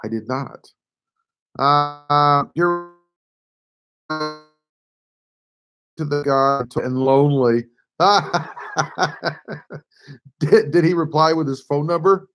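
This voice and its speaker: Hoarse man chatting on a live stream. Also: on the high side, slow pace, long pauses, a bit bright. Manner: reads viewer comments aloud and replies offhandedly. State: hoarse, voice nearly gone. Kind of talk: casual live stream chat.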